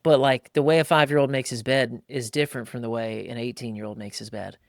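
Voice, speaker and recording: In a clean, dry studio recording, a gravelly mid-range voice belongs to a podcast host in his thirties talking briskly. He's chatting casually and telling lively stories, acting out what people said and leaning heavily on slang such as "like" and "bro."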